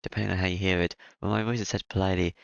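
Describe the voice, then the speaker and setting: A man reading a visual novel aloud in a plain, steady voice, stumbling and restarting now and then. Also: low-pitched, very fast, vocal fry, no room sound, muffled recording. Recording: music playing behind.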